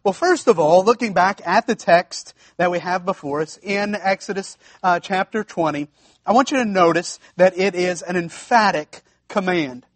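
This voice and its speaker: A man delivers a sermon as pastor with a notably high voice, recorded dry with no room around it. He talks emphatically, repeating key phrases for weight and often restarting his sentences. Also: moderate pace, no echo.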